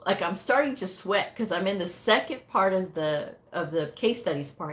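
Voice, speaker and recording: A woman's voice: low-pitched, brisk, few pauses. Chatty woman retelling her exam day. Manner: chatty, animated, reenacts her own thoughts. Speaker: medical coding tutor. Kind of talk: casual storytelling vlog.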